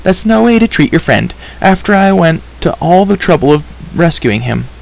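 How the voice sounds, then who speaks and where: A man's voice: a little high, big pitch swings, moderate pace, gravelly, voice pushed up, rough recording. A man voicing a spirited young girl who scolds, in a storybook reading. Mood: scolding.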